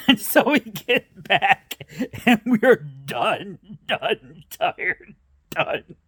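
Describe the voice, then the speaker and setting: A man's voice: sits high, animated, drawn-out words, fairly bright tone, breathy edge, dry recording, studio quality. A man vlogger telling funny family stories in a rambling, profane way, often laughing as he goes. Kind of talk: casual storytelling.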